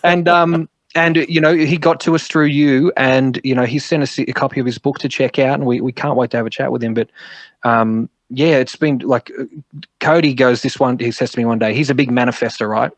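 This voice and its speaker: A man's voice: mid-range voice, a little fast, no echo. Swearing man telling stories. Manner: swearing, animated storyteller. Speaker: podcast guest. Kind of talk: casual chat.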